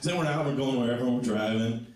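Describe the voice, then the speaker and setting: A man's voice: mid-range voice, fast talker, slight background noise. A man from Ohio doing a stand-up set, telling stories wryly with dry asides. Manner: wry, storytelling delivery with dry asides. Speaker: stand-up comedian. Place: small comedy club stage. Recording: very echoey club, distant mic.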